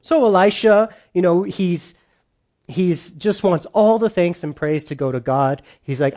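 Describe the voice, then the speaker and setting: A man's voice: sits high, unhurried, darkish tone. A man preaching a sermon in a church, emphatic and conversational, often slipping into quoted voices. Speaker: pastor.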